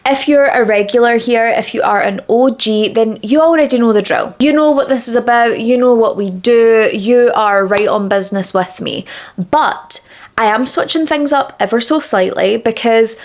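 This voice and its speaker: A woman's voice: on the high side, normal speed. A woman hosting a true crime channel, telling a case in a chatty, dramatic way while doing her makeup, on a small clip-on mic. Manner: chatty, dramatic and emphatic, with repeated words. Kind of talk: casual true crime storytelling during a makeup routine. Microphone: small clip-on microphone.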